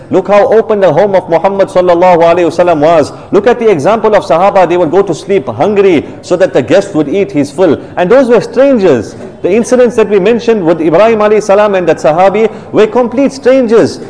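A man preaching a sermon, emphatic and slowing down to stress key phrases. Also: high voice, mellow. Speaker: preacher, maulana. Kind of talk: sermon with storytelling. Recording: long hall reverb.

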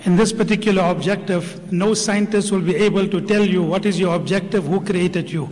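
A man with a high voice gives a reverent religious commentary, reciting verses between his explanations. A long hall reverb trails behind his words. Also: fairly even intonation, fairly quick, a little mellow. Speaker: Islamic speaker summarizing a lecture.

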